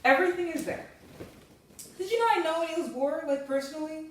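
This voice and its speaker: A woman's voice: medium pitch, normal speed, echoey room, recorded from a distance, lightly acted. A teenage girl playing a boastful, brusque older male chemistry professor in a homemade comedy sketch, on a noisy recording. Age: late teens. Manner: bossy, self-important bragging. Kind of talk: amateur comedy sketch acting. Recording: noisy home video recording.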